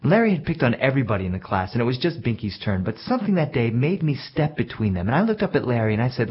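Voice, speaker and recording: A male storyteller telling a story from his own childhood in a plain, reflective way with gentle self-mockery. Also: mid-range voice, very animated, fast, hardly any pauses, slightly rough. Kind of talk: told personal story. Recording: dull lo-fi recording.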